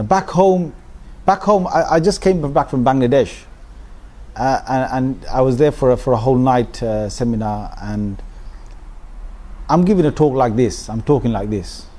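A middle-aged man from the United Kingdom, telling stories to a congregation in an animated, humorous way. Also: medium pitch. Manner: animated, humorous storytelling with frequent restarts. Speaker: Islamic speaker. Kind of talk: informal talk to a congregation.

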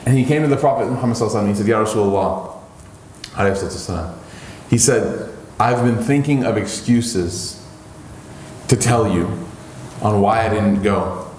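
A man preaching a sermon, telling a story with animation and his voice climbing high when he acts out pleading lines. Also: brisk, pauses often, a little mellow, roomy sound, a little hiss or hum.

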